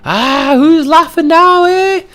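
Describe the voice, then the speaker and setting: A man's voice: extremely high pitch, slow, a bit bright, voice pushed up, heavily acted. A man putting on a frantic, shrieking voice for a man gloating that he warned someone. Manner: screeching, wailing, overwrought.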